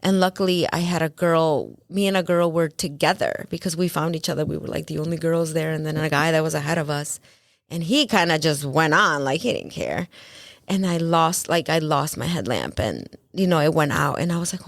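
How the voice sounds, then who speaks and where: A woman on a podcast telling running stories in casual chat, animated and full of "like", acting out quotes. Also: on the low side, fairly quick, vocal fry, no room sound. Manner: animated, acts out quotes, lots of "like". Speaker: podcast guest, ultrarunner.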